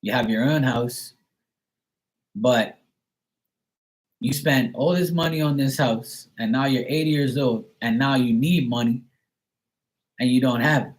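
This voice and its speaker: Casual male streamer, rambling and sarcastic, mid-pitched voice. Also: measured pace, pauses often, low-quality recording. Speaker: live stream host reading chat. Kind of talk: casual chat.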